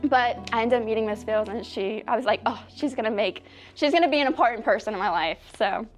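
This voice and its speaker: A young adult woman, a high school student telling her story in an interview and acting out quoted voices. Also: fast, faint music behind. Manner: animated, acts out quoted voices.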